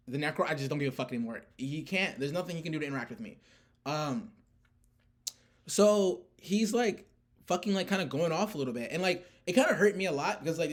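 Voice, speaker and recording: Young guy ranting about his tourney, kinda high voice, swears constantly, rambles. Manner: rambling, heavy swearing, filler-laden. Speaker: player recounting a card tournament. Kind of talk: casual rant.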